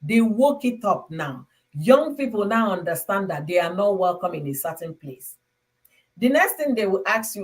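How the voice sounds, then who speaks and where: A Nigerian woman hosting a casual chat, talking in an animated, emphatic way. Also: mid-range voice, normal speed. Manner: animated, emphatic, slips into acted quotes. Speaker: host.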